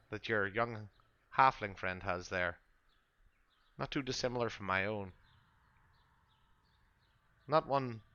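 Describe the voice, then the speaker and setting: A man voicing a guarded, gruff father who travels with a painted cart, speaking curtly to strangers. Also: fairly low pitch, sharp tone, no echo, muffled recording.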